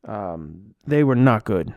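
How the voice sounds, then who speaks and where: A man's voice: lowish voice, animated, takes it slowly, no echo, highs cut off. A man giving a frustrated, profane, rambling rant as a sports fan vlogger. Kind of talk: ranting fan commentary.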